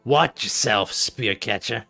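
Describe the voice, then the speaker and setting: Man putting on a gruff Scottish camp guard. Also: lowish voice, takes it slowly, sharp tone, soft background music, pitched below the performer's own voice, full character voice. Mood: wry. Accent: Scottish, put on. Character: gruff male camp guard, wry and watchful.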